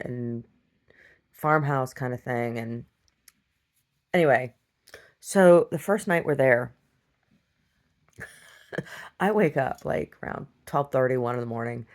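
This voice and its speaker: A middle-aged woman telling a rambling story in a casual video diary, laughing often and acting out the people she quotes. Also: rumbling low. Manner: laughs often, acts out quoted voices, many restarts.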